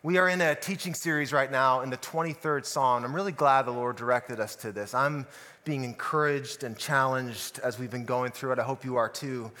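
A man's voice: medium pitch, normal speed, sharp tone, in a large hall. A man preaching a sermon as a pastor, telling a story and asking listeners rhetorical questions. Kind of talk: sermon podcast.

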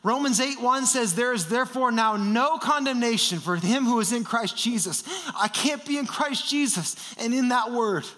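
A male preacher delivering an impassioned sermon in a high, bright voice. He swings from loud, fervent declarations to hushed, intense passages. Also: normal speed, few pauses.

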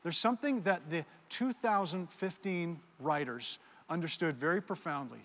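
High-pitched guy preaching, lively, talks to folks on stage, big echoey hall. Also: normal speed. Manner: animated, talks directly to volunteers on stage. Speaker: pastor. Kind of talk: sermon with audience participation skit. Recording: long hall reverb.

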